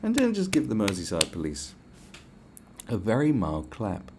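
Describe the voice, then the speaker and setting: A man hosting a solo podcast rant in a low, gravelly voice. He swears freely and drips sarcasm. His pitch swings widely as he gets worked up. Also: unhurried, very noisy. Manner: sarcastic, sweary, animated ranting. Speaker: podcast host.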